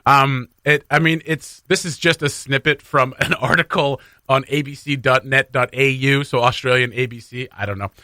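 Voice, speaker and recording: A man's voice: medium pitch, steady tone, bright, forceful tone, dry recording. A man hosting a morning radio show, chatting casually and poking fun at himself, with frequent laughs and loose asides. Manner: chatty, self-mocking, quick to laugh. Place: radio studio.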